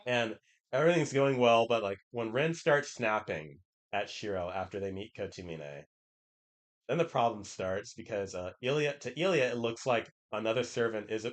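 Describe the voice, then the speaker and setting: A man's voice: lowish voice, normal speed. A man streaming, casually retelling a story in a rambling way, with many restarts and quoted lines.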